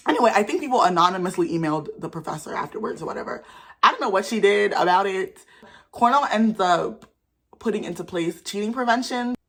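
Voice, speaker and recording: A young woman vlogger tells her stories in a sassy, animated rush. Her voice is husky and sits at an ordinary pitch for a woman. She leaps up high for emphasis now and then. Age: young adult. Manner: animated, sassy, talks fast with sudden jumps in pitch. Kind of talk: casual storytelling vlog.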